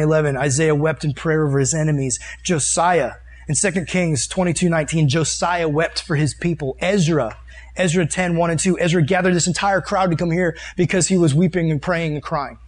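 Youth pastor type, man with a slightly high voice, casual earnest preaching, reads scripture and riffs on it. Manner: reads and comments on scripture verses. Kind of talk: sermon. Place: meeting room with a live audience.

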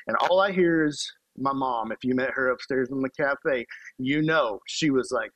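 A man's voice: high voice, a little fast, dry recording, rough recording. A young man, telling a playful story as a youth pastor's sermon. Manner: animated, playful storytelling with laughs.

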